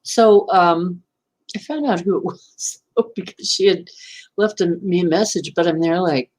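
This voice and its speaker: A woman's voice: fairly low pitch, unhurried, a little mellow. A woman casually recounting a dream and a night phone call, rambling and correcting herself, often laughing. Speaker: channel host. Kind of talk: casual storytelling to camera.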